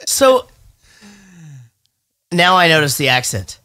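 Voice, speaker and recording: A man's voice: fairly high pitch, sing-song, slow. A man hosting a movie podcast in casual chat, cursing freely and joking around. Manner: profane, jokey, loud bits. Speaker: podcast host.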